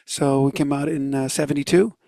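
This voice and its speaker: A man's voice: mid-range voice, steady tone, a little fast, creaky, warm tone, no room sound. A man from Northern Ireland with a Canadian accent, a guest drummer telling stories in a chatty way and laughing easily. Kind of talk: interview storytelling.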